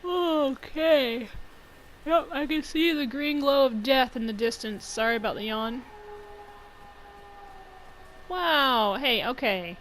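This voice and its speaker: A woman's voice: high voice, slow pace, pauses often, fairly bright tone, slight background noise, low-quality recording. A woman hosting a let's-play video, chatting to her viewers as she plays, joking and laughing often. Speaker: gaming channel host.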